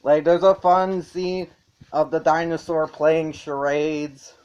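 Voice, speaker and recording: A man's voice: a little high, steady tone, takes it slowly, darkish tone, clear, resonant tone, highs cut off. A man reviewing a movie in a casual, rambling way, swearing and chuckling as he goes.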